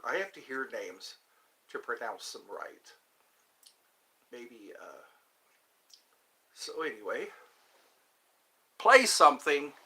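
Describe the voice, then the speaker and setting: A man hosting a casual livestream, greeting viewers by name and answering their comments in an unhurried, friendly way. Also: a little high, pushed and bright, low-quality recording. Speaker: livestream host. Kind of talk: casual livestream chat, greeting viewers between flute playing.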